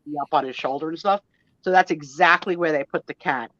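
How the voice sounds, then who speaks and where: A woman's voice: sits low, fairly quick, a bit bright, no echo. A woman in her fifties, a guest on a live chat show, telling a story in a gushing, emotional, chatty way with mild swearing. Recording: dull lo-fi, dry sound.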